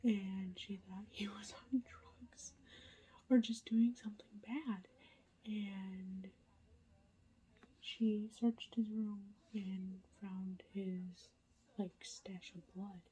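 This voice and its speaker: A woman's voice: medium pitch, steady tone, extremely slow, mellow, husky, low-quality recording. A woman whispering a casual late-night reading vlog update, chatty and full of ums and likes. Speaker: book vlogger.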